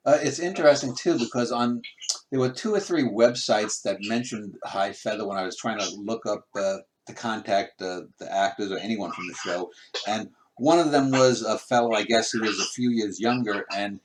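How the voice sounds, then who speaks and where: A man's voice: fairly low pitch, normal speed. A man interviewing a guest over a video call, asking long rambling questions with many restarts. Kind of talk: casual remote interview.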